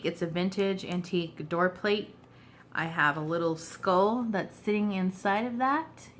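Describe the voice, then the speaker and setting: A woman giving a relaxed, chatty show-and-tell of her handmade journal, clearing her throat now and then between fillers. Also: fairly low pitch, a little hiss or hum. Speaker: craft vlogger. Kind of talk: casual show-and-tell craft video.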